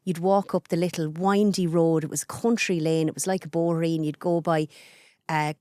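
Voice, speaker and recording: Irish woman from carlow, fast easy chat, bit low voice, dry sound. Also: fairly even intonation, dark tone, no echo. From Ireland. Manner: chatty, talks fast with her hands. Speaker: guest, journalist and radio presenter. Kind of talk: casual podcast interview.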